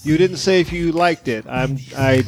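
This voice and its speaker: A man's voice: fairly high pitch, normal speed, over music. A man who is a comedian, co-hosting a podcast in casual, teasing, profane chat.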